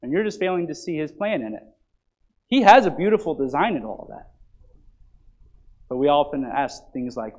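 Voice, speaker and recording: A man preaching a sermon, dropping to soft, low asides and then building to loud, emphatic passages, often checking in with "right?" and "you see?". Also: sing-song, normal speed, poor audio. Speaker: pastor.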